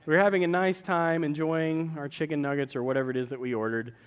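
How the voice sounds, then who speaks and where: A man's voice: a little high, steady tone, fast, clean tone. A man in his forties giving a conversational sermon in a large church, often checking in with the congregation and acting out quoted voices. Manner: conversational, keeps asking "right?", acts out quoted voices. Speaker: pastor.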